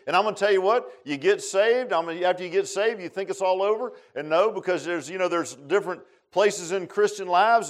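A high-pitched male preacher with a drawl delivers a sermon. His talk is folksy and full of "man" and "huh?", dropping to quiet asides and then climbing to loud, urgent exhortation. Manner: repeats "I'm gonna tell you what" and "man", asks "huh?".

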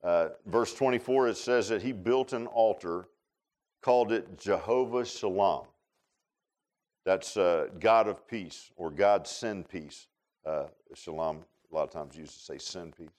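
A man preaching a sermon. He talks in an animated way and keeps asking the congregation short questions. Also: low voice, a little slow. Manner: animated preaching with call-and-response asides. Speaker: pastor. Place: church sanctuary.

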